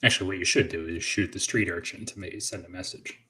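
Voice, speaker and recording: A man's voice: deep voice, steady tone, quick pace, pushed and bright. A man co-hosting a podcast, arguing points in a sardonic, provocative way. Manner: sardonic, argumentative. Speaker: podcast co-host. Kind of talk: casual podcast chat.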